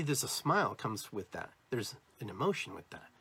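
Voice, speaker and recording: Husky-voiced American man, lively spiritual talk. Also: medium pitch, a little slow, pauses often. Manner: animated, demonstrating inflections. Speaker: podcast host.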